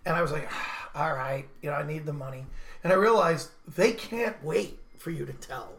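A man's voice: on the high side, moderate pace, creaky, a bit bright. A man who hosts a comedy podcast, chatting casually and telling stories about his gigs. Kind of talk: casual chat.

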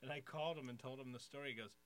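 A middle-aged comedian telling a story in casual chat, animated and acting out the voices. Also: male voice, medium pitch, rapid-fire, a little hiss or hum. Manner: animated anecdote teller, acts out voices.

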